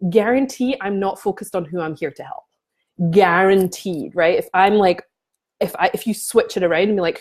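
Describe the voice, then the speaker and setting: A woman's voice: mid-range voice, moderate pace, darkish tone. A woman spiritual coach talking casually to camera, passionate and often restarting her sentences.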